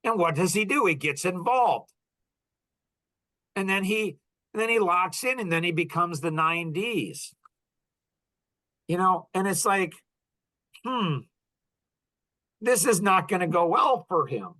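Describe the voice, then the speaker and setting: A man hosting a podcast, talking in a rambling, animated casual monologue and acting out conversations in different voices. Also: high-pitched, slow pace, pauses often. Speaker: podcast host.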